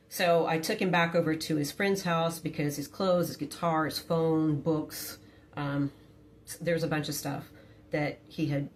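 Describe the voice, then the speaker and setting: Low-voiced woman telling a story. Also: slight background noise. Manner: frank, conversational, with hesitant fillers. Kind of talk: candid storytime monologue.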